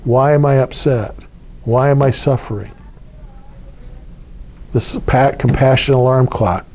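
Man, mid pitch, casual spiritual teaching, repeats key lines, slightly muffled recording. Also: measured pace, warm tone, a little hiss or hum. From United States. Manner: conversational, repeats key phrases, asks listeners questions. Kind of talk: casual spiritual talk to a small group.

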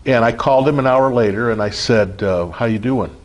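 A man's voice: mid-range voice, brisk. A middle-aged man giving an informal spiritual teaching, earnest and repetitive, often checking in with his listeners. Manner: earnest, repetitive, frequent "okay?" check-ins. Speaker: spiritual group leader.

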